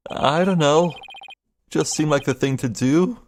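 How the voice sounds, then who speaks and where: A man's voice: on the high side, measured pace, a little hiss or hum. A man voicing a polite, earnest young defense attorney who hesitates often. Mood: hesitant.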